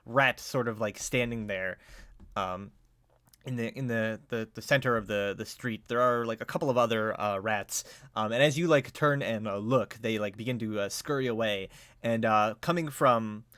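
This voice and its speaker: A man's voice: on the low side, moderate pace, a bit bright, dry recording. A man narrating a tabletop game as game master, hesitant and full of fillers.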